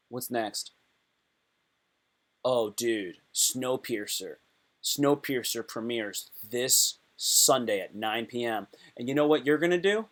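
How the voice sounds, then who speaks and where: Excitable rambling male streamer. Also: mid-range voice, slow. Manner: excitable and rambling, often says "dude". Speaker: live-stream host. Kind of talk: casual live-stream chat.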